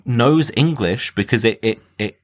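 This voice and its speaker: A man's voice: medium pitch, a little slow. A man co-hosting a podcast, chatting casually about a film with many fillers and restarts. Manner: rambling, many fillers and restarts, laughs often. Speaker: podcast co-host. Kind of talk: casual film review chat.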